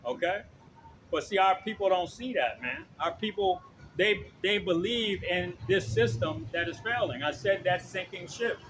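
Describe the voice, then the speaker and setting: A man's voice: high voice, expressive, normal speed, a bit bright, a little hiss or hum, rough recording. A man preaching informally and reading scripture, with loose profane asides and frequent "okay?" checks to his listener. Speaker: street preacher.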